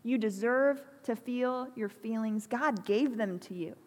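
A woman preaching a sermon in a church, earnest and pastoral, speaking slowly and deliberately. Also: fairly high pitch, darkish tone. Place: church hall. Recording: long hall reverb.

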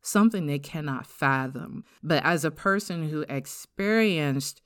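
A middle-aged woman with an African-American English accent shares her personal testimony on a podcast. Her voice is smooth and resonant, recorded close and dry with no room sound. She speaks in an earnest, reflective way and slows down to stress the words that matter. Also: deep voice, expressive, a bit bright, no room sound. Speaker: podcast host.

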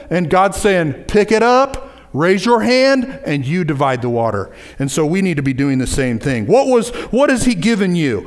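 A man preaching a sermon, lively, with asides and repeated phrases. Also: high voice. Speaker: pastor.

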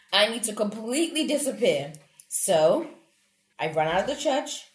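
A woman playing a character in a tabletop game, describing her actions in an animated first-person way, with laughs in between. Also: a little high, a little slow, echoey room. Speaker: player.

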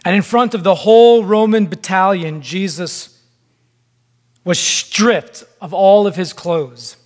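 A man preaching a sermon in a deliberate, emphatic way, with long pauses between phrases. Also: high-pitched, a little mellow. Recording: long hall reverb.

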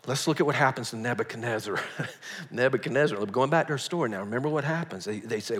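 A male pastor preaching a sermon in a folksy storytelling way, swinging from hushed asides to loud outbursts. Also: medium pitch, fast. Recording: long reverb of a large hall.

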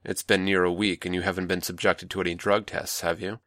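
A man playing a manipulative older male mentor, calm, patronizing and coaxing, in a dry close recording. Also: sits low, brisk, no echo.

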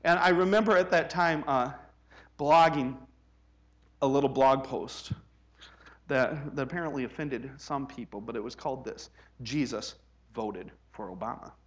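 A man from the United States preaching a sermon in a conversational way, rising to loud, emphatic peaks. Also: medium pitch, measured pace, long pauses. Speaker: pastor.

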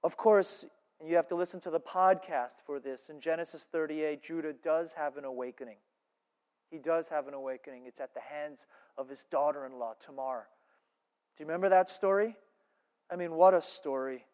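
High-voiced preacher in a ringing hall. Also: male voice, normal speed. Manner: animated, shifts between loud emphasis and hushed asides. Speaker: pastor. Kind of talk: sermon. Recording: reverberant church hall.

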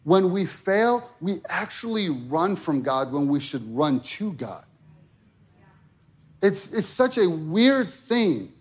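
A man's voice: high-pitched, sing-song, takes it slowly, breathy edge. A man preaching a sermon, conversational and direct, checking in with the listeners often. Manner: conversational preaching with frequent okay and right. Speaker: pastor.

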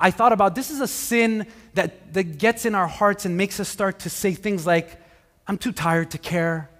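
A male pastor preaching a conversational sermon, animated, with frequent restarts. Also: sits high. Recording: hall reverb.

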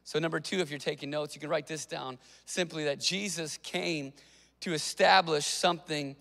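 Casting note: male pastor, high bright voice, animated sermon delivery, long hall reverb. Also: vocal fry. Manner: conversational, animated preaching with quick asides.

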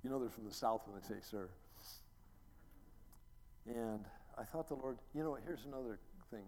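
A middle-aged man, a pastor, preaching a sermon as a story, acting out quotes and building to loud, emphatic peaks. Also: mid-range voice, fast. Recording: long reverb, faint ambient noise.

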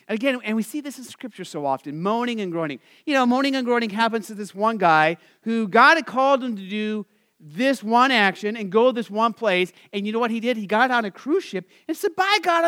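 High-voiced, smooth-toned male preacher. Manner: conversational, lots of "you know" asides; rises to excited, energetic emphasis. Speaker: Lutheran pastor. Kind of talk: sermon.

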